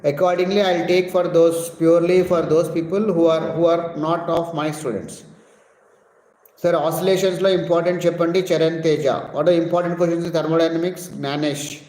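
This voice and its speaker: Physics teacher, male, Telugu accent, fairly high voice, answers viewer questions live, echoey hall sound. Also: fairly even intonation, moderate pace, a little mellow. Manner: reads viewer questions aloud and answers them. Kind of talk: live-stream Q&A. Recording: echoey room with long reverb.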